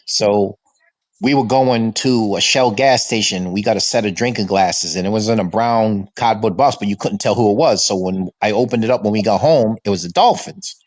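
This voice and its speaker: A man in his fifties from the Boston area, hosting a fan livestream and telling stories from his childhood in a lively, animated way. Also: on the low side, normal speed, no room sound. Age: 50s. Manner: animated storyteller who acts out his father's voice. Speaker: fan podcast host. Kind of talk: casual storytelling chat. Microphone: remote stream call.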